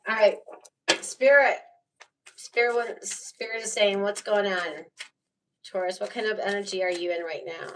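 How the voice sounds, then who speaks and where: A woman's voice: medium pitch, a bit bright, far from the mic, rough recording. A woman giving a casual live tarot reading, rambling and chatty with lots of fillers and frequent laughs. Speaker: tarot reader.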